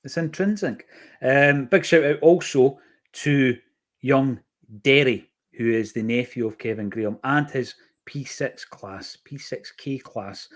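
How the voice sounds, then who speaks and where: A man's voice: medium pitch, a little slow. A man hosting a podcast, chatty and enthusiastic as he links topics together. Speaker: podcast host. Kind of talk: casual podcast chat.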